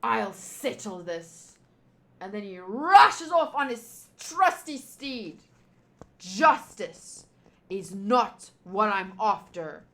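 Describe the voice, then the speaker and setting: A woman's voice: mid-range voice, fairly bright tone, voice pushed down. A woman voicing a grim, brooding male warrior who speaks in a grave, solemn tone.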